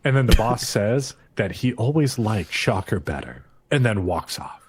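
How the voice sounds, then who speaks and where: A man co-hosting a podcast, casually recapping an episode, acting out lines in quick mock voices and swearing freely. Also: on the low side, very animated, slightly rough. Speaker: podcast co-host.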